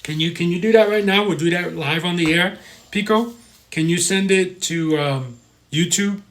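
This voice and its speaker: A man's voice: high voice, normal speed, a bit bright. An American man hosting a live stream, chatting casually, reading viewer comments and stumbling over pronunciations.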